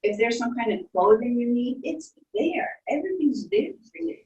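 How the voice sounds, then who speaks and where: A woman leading children through a guided imagination story, in a soft, playful storytelling way with little sound effects. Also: a little high, lively intonation, normal speed, dull audio, a little hiss or hum. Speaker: instructor leading a guided visualization. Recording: echoey room, distant from mic.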